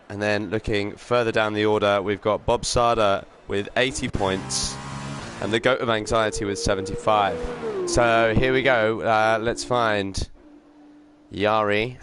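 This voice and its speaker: A man giving upbeat live commentary on a sim racing league stream, chatting with viewers and filling pauses with ums and uhs. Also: fairly low pitch, noisy background. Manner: greets chat viewers while commentating.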